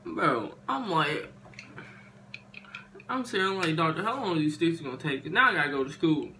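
Animated young man telling a story. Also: a little high, normal speed, slight background noise. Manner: animated, slangy, exaggerating. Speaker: YouTuber. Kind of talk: casual storytime.

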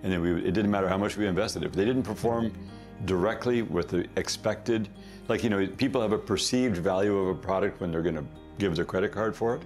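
A middle-aged man, a company founder, telling stories in a casual, animated way, often laughing at himself. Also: low voice, a little fast, faint music behind. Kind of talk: casual anecdotal storytelling.

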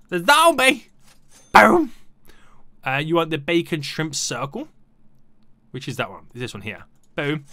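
A man's voice: sits high, sharp tone, no echo. A young man giving playful, chatty commentary on his gameplay and talking to the game's customers. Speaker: gaming YouTuber.

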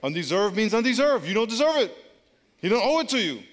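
High-voiced male pastor preaching emphatically. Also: big pitch swings, quick pace. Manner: emphatic, repetitive preaching with call-and-response. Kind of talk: sermon. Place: large church auditorium. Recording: long church hall reverb.

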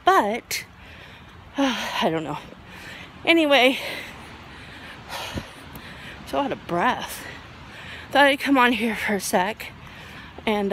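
A woman's voice: a little high, a bit bright, slight background noise. A woman in her forties chatting casually to camera as a vlogger, rambling with lots of ums. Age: 40s.

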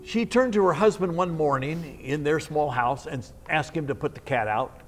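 A minister telling a story in a short devotional message, in a measured, unhurried way. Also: male voice, on the high side. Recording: long reverb with faint music.

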